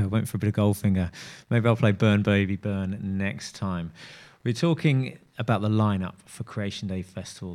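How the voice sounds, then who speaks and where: A man presenting a music radio show in a loose, rambling, upbeat chat. His voice sits a little low, and he talks as if to old friends. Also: a little mellow. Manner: chatty, rambling, enthusiastic.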